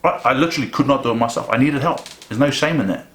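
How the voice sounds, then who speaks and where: A man's voice: mid-range voice, fast talker, a bit bright. A middle-aged man answers audience questions at a summit, talking frankly and acting out quoted dialogue. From New Zealand. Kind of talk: Q and A talk at a summit. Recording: roomy echo.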